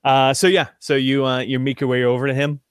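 A man acting as game master, describing scenes in a relaxed, rambling way with lots of fillers. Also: mid-range voice, fairly quick, smooth, no room sound. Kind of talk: narrating a tabletop game.

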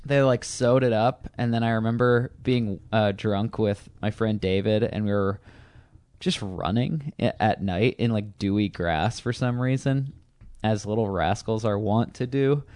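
A man's voice: lowish voice, a little slow, a little mellow, dry recording, clean studio sound. A man chatting casually about a movie, telling a rambling, profane personal story full of fillers and restarts. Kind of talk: casual chat.

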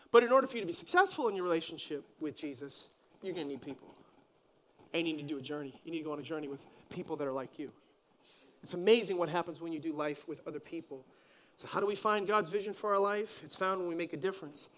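A man pastor preaching a sermon as an animated, joking storyteller. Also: a little high, quick pace. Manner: animated, joking storyteller who acts out scenes.

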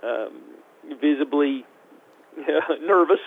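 A man reviewing a film in casual radio chat, halting and repeating words as he talks. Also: fairly high pitch, narrow, tinny audio.

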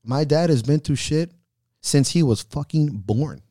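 Man, podcast host, casual talk, heartfelt, swears a lot, mellow voice, dry sound. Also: on the high side, expressive, a little slow, no echo. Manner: profane, heartfelt storytelling.

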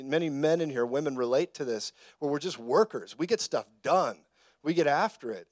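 A man preaching a sermon in a conversational, storytelling way, now and then rising to shouted emphasis. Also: on the high side, no room sound.

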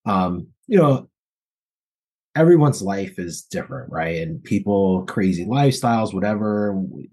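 Man, podcast host, deep voice, husky, casual rambling talk. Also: expressive, a little slow, mellow. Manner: casual, rambling, full of "like" and restarts. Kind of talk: podcast interview.

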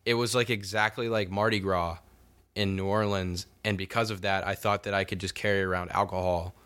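Bright-voiced young man telling stories. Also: low-pitched, flat delivery, a little fast, clean tone. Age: young adult. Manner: rambling, profane storytelling with lots of fillers. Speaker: podcast co-host. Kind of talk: casual chat.

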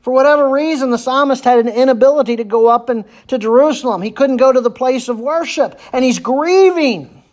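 A man's voice: very high-pitched, a little fast, a little mellow. A man preaching a sermon as pastor, earnest and repeating phrases for emphasis.

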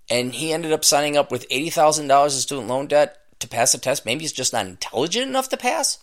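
A man hosting a podcast, ranting scornfully and profanely at an article he reads aloud, often bursting into shouting. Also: a little high, sing-song, fast talker, hardly any pauses. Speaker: podcast host. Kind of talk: comedic rant reacting to a read-aloud article.

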